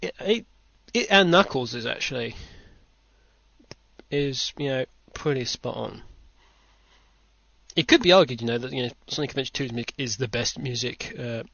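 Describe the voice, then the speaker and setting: A man's voice: medium pitch, lively intonation, moderate pace, creaky, fairly bright tone, no echo. A British man hosting a podcast in casual chat, rambling with dry self-mocking asides. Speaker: podcast host. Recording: dull lo-fi home recording.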